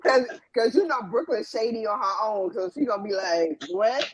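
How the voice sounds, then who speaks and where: A woman with a husky, slightly raised voice whose pitch swings widely. She chats as a live stream guest in a playful, emphatic way, often repeating her phrases. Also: expressive, moderate pace, rough recording. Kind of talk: casual live stream chat.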